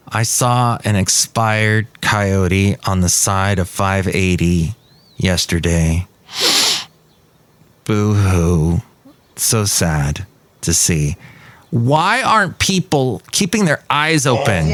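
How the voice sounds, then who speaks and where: Man, podcast host, casual rambling chat, jokey, lively pitch, mid voice. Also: no room sound. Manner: rambling, chatty, jokey asides. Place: outdoors at a cafe.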